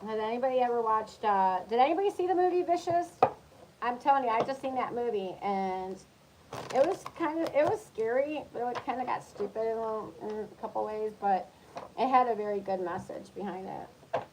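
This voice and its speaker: A woman's voice: fairly high pitch, lively intonation, moderate pace, background noise. A woman who is a tarot reader, giving a casual reading for zodiac signs in a chatty, coaching tone and checking in often with her listeners.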